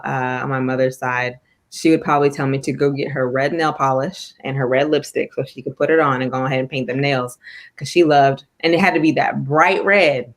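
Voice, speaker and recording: A woman talking in a relaxed, chatty way with fillers, in a casual talk-show conversation over a video call. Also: rumbling low.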